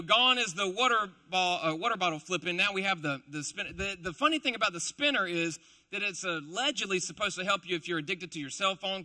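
Bright, high-voiced, joking young preacher. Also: male voice. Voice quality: chatty, playful, self-deprecating asides. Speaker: preacher, also a school teacher. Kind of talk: casual, joking sermon to a live congregation.

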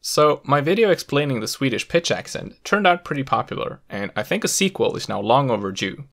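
A man hosting a language education video, giving a clear, methodical scripted explanation with touches of dry humor. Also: medium pitch, very animated, fairly quick, a bit bright. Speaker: host of a language education channel.

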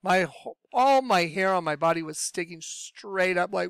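A man telling his personal religious testimony in a lively storytelling way, acting out what he said back then. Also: sits high, normal speed, creaky, smooth, dry recording, clean studio sound. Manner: animated storyteller, acts out his own past voice. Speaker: speaker sharing a religious testimony.

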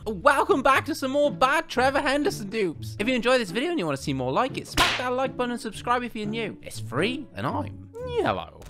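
A gaming video host giving playful commentary, cracking jokes, laughing often and reacting quickly to what appears on screen. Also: medium pitch, big pitch swings. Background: background music.

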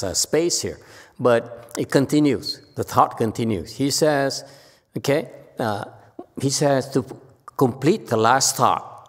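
A man's voice: mid-range voice, big-room sound. A man, a Buddhist monk, giving an informal sutra lecture and acting out the people in his stories. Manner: animated storytelling, acting out quotes. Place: temple lecture hall.

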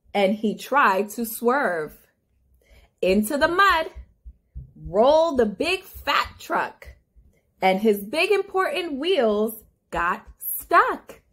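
A woman's voice: a little high, big pitch swings, very slow, long pauses, a bit bright. A woman speech therapist reading a picture book aloud to toddlers in a sing-song way with gasps of wonder.

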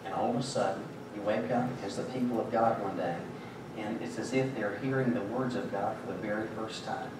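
A man's voice: lowish voice, fairly even intonation, a little fast. A man preaching a sermon as pastor, in a conversational, joking storytelling way. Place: church sanctuary. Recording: very echoey church, distant mic, background noise.

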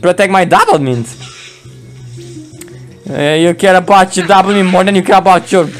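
A man giving playful, excitable game commentary, laughing often and throwing in mock roars while he voices both sides of a match. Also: sits high, normal speed, soft background music. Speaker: gameplay commentator.

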